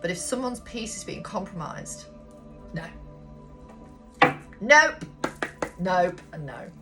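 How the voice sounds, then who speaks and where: A woman's voice: fairly low pitch, sing-song, slow pace, a bit bright. A woman giving a casual tarot reading, talking bluntly, swearing freely and rambling on. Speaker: tarot reader. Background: background music.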